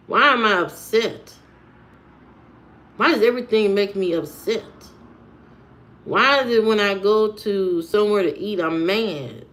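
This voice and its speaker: A woman's voice: mid-range voice, fairly bright tone. A woman vlogger giving a blunt, preachy monologue and firing off rhetorical questions. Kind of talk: preachy straight-to-camera monologue.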